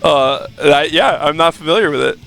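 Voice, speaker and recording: A man's voice: a little high, normal speed, creaky, a bit bright, faint music behind. A man in his thirties, a podcast co-host in casual chat who laughs often and answers with short agreeing replies. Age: 30s.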